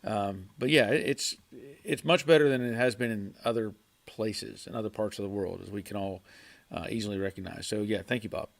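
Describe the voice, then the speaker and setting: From his home garage, a man hosts a casual livestream, reading viewer chat and answering haltingly, repeating words and chuckling often. His voice is on the low side and creaky.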